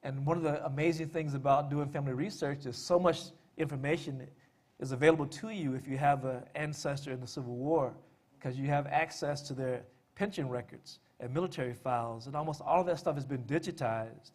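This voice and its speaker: A man's voice: medium pitch, fairly even intonation, a little fast, darkish tone. A man giving a public talk on family history, conversational, with frequent fillers and dry, self-deprecating humor. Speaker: speaker presenting family history and poetry.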